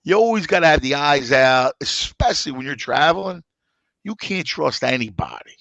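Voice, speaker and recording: A man's voice: on the high side, sing-song, moderate pace, creaky, fairly bright tone, dry recording, lo-fi sound. A man who hosts sports radio, chatting emphatically and egging his co-host on. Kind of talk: casual chat.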